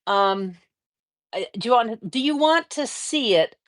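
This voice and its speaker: A woman's voice: on the high side, lively intonation, unhurried. A woman hosting a casual quilting livestream from her home studio, chatting and greeting viewers by name. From American Mountain West. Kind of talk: casual live-stream chat greeting viewers.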